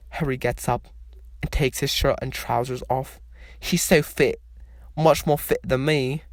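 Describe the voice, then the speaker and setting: Guy reading a fanfic story out loud, real slow and measured, middle pitch, dry close mic. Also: fairly even intonation, no echo. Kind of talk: reading fan fiction aloud.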